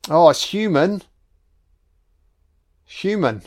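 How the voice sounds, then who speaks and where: A man giving a casual, sweary audio commentary on a film, reacting out loud to what he sees. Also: high-pitched, lively intonation, very slow. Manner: sweary, exclaiming reactions at the screen.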